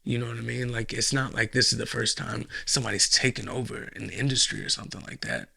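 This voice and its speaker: Man, podcast host, solo rant, profane, sarcastic, gravelly, bright tone. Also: medium pitch, fast. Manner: profane, ranting, mocking put-on voices. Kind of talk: solo commentary monologue.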